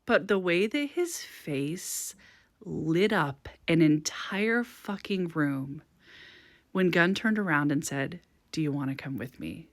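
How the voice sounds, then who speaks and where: A woman's voice: deep voice, takes it slowly, no echo. A woman vlogger ranting casually to the camera, swearing freely and breaking into frequent laughter. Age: adult parent. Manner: animated, swears a lot, laughs often. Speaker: vlogger reviewing a TV series. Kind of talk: unfiltered casual rant to camera.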